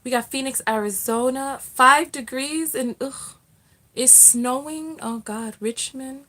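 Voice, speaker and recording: A woman's voice: high-pitched, measured pace. Chatty woman hosting a livestream. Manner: chatty and warm, frequent fillers and restarts. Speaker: livestream host, self-love coach. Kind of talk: casual livestream chat reading viewer comments.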